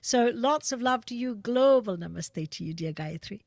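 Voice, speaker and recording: A woman hosting a live online gathering, chatting gently with fillers and restarts on a video call. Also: fairly high pitch, animated, moderate pace, no room sound, clean studio sound. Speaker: host. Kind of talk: casual chat and devotional singing.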